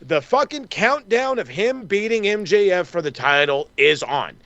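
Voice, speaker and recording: A very animated man with a high-sitting, fairly bright voice co-hosts a podcast, ranting fast about wrestling with nonstop profanity and mocking quotes of others. The audio is dull with no room sound.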